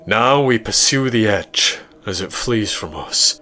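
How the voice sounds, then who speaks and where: A man's voice: fairly low pitch, expressive, slow, pushed and bright, soft background music, exaggerated voice. A man doing a pompous, arrogant scientist. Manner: pompous, lecturing. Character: arrogant, self-important male scientist.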